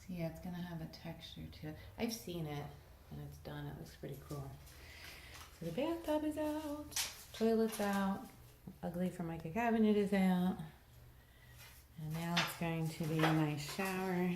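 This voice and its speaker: A woman's voice: on the low side, background noise. A mother giving a casual, rambling walking tour of her messy house, sounding tired and plain-spoken. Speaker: mother vlogging a home tour. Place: house, indoors and around the yard.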